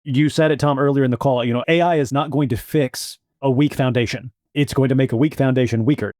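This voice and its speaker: A man co-hosting a podcast who talks in a measured way and asks long questions. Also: medium pitch, darkish tone, no room sound, studio quality. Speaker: podcast co-host. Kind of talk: casual podcast chat.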